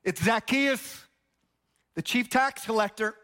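A man's voice: very high-pitched, slow pace, pushed and bright, full character voice. Zacchaeus, a man doing a smug tax collector. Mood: smug, demanding. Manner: smug, businesslike, demanding. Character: pushy proud ancient tax collector man.

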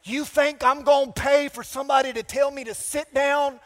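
A man voicing a stubborn Southern man from Alabama who refuses to go to counseling, loud and defiant, with a put-on deep-South accent. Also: steady tone, moderate pace.

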